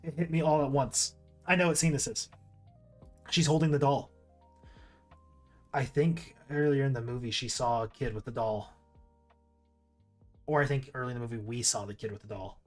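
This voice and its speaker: A man's voice: mid-range voice, fairly even intonation, normal speed, pauses often, faint music behind. A man streaming casual commentary while ranking movies, rambling with restarts and asides.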